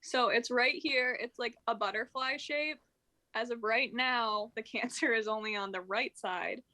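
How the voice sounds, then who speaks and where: A woman's voice: fairly high pitch, measured pace, pushed and bright. A young woman co-hosting a podcast, chatting casually, laughing often and using lots of fillers. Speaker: podcast co-host. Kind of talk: casual chat.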